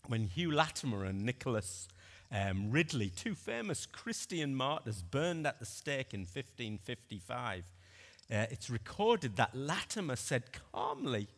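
A man preaching a sermon in a church, earnest and dramatic, swinging between loud and hushed delivery. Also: medium pitch. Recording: long reverb of a church hall.

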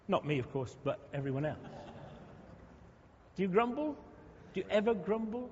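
A man's voice: high voice, sing-song, a little slow, long pauses, a little mellow, breathy edge. A man preaching a sermon, talking conversationally with humorous asides to the congregation. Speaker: pastor. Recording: dull lo-fi sound in a reverberant hall.

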